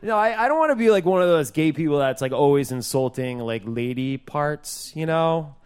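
A man's voice: a little high, expressive, normal speed, smooth. A man doing stand-up comedy, rambling and giggly, full of fillers.

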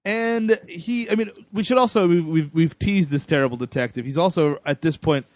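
A man's voice: fairly high pitch, normal speed, no room sound. A man co-hosting a casual movie podcast, wry and laid-back, swearing now and then. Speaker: podcast co-host. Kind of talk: casual movie-review chat.

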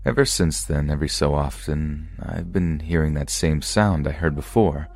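Very deep-voiced man narrating scary stories. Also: normal speed, gravelly, darkish tone. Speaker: podcast narrator.

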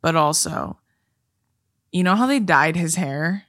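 A young woman co-hosting a podcast in casual chat, animated, swearing freely and bursting into shrieking laughter. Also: deep voice, unhurried, no room sound, studio quality. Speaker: podcast co-host.

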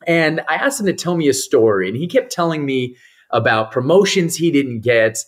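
A man tells a story as a podcast guest with a slightly husky, grainy voice. His pitch swings widely as he acts out the people in his story. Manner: animated storyteller who acts out the people he quotes. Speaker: guest, mental performance coach.

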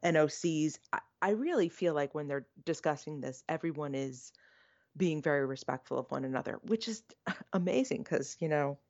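Podcast co-host, woman, very low voice, animated, slightly dull recording. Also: moderate pace. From United States. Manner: animated, self-deprecating, opinionated. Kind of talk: casual chat.

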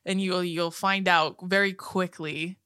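A woman's voice: on the low side, steady tone, a little slow, sharp tone, smooth, no echo, clean studio sound. A young woman co-hosting a podcast, telling a story in casual, profane chat and laughing often. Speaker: podcast co-host.

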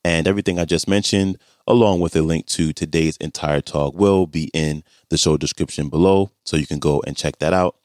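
Deep-voiced male podcast host, dry sound. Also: fairly even intonation, a little fast, few pauses, a little mellow, no room sound. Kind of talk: reading show notes.

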